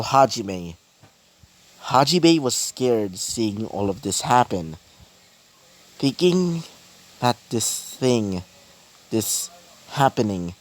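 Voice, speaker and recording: Slow, halting male storyteller. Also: on the low side, a little mellow. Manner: halting, many fillers and restarts. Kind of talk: improvised fan-fiction narration.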